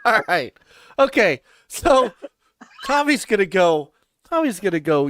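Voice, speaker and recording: Slow-talking man hosting a podcast. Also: high-pitched, sing-song, fairly bright tone, slight background noise. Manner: laughs often, flustered. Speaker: podcast host. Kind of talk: casual podcast chat. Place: home basement.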